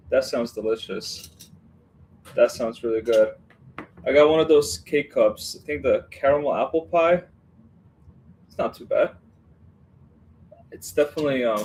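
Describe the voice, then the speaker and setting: Brief: rambling male live-stream host, casual chat, mid-pitched voice, faint background hiss. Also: a little mellow. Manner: rambling, chatty, often laughs at himself; greets viewers by name.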